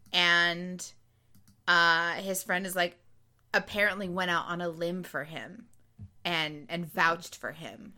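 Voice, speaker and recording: A woman co-hosting a podcast in casual chat, expressive and talkative, with sighs and groans. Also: fairly low pitch, slow. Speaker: podcast co-host recapping a TV episode.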